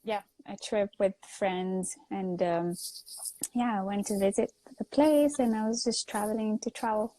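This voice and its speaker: A woman with an Italian accent, a native Italian speaker, chatting as a guest, telling lively stories and laughing often. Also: mid-range voice, a little slow. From Italy. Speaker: guest actor. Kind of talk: casual chat. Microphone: phone on a live video stream.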